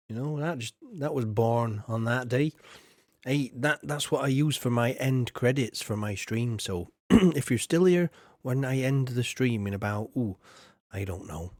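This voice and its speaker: Casual male streamer, mid-range voice, dry and close, rambling chat with frequent throat clearing. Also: mid-range voice, a little mellow, dry recording. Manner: rambling and chatty, often clears his throat. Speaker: game streamer. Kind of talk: casual live-stream commentary.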